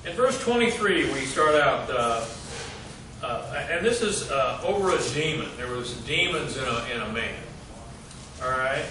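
A man teaching a group Bible study in a church meeting room, halting with many fillers and quizzing his listeners. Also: mid-range voice, lively intonation, distant mic. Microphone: distant room mic. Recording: echoey room recorded from afar, noisy.

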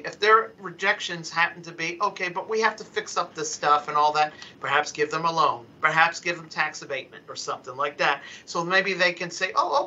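A man giving emotional, halting testimony at a council hearing, stumbling and restarting as he pleads his case over a remote call. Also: sits high, sharp tone, dull audio, a little hiss or hum. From Philadelphia, US. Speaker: public commenter at a council hearing. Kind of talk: impassioned unscripted testimony.

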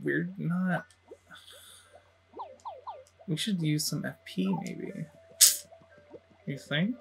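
A game streamer giving casual, laid-back play-by-play commentary in quiet asides. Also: medium pitch, big pitch swings, extremely slow, vocal fry, soft background music.

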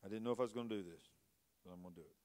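A man preaching a sermon as a bishop. His delivery swings from hushed to loud, and he repeats phrases for emphasis. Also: on the low side, rapid-fire.

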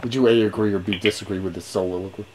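A caller with a fairly low voice races through a rhyming, preachy, sing-song patter on the phone, his intonation fairly even. Pushy and grandiose, he stacks rhymes into long run-on sentences like a sermon, with background noise behind him.

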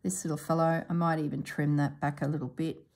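A woman hosting a sewing vlog who thinks aloud as she works, musing to herself in a soft, half-whispered voice. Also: sits low, level tone, fairly quick. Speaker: sewing channel host.

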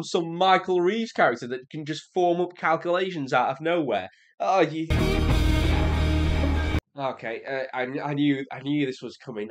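A young Englishman with a clear English accent reads and answers viewer comments in a relaxed, chatty way. He is dry and sarcastic, then climbs into high, exasperated bursts when something riles him. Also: measured pace, soft background music. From England. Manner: sarcastic, swings into exasperated high-pitched rants. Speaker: reaction video creator. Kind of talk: casual reaction commentary.

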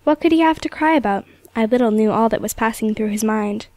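A woman narrating an old storybook aloud in a steady, measured reading. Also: a little high, dry recording.

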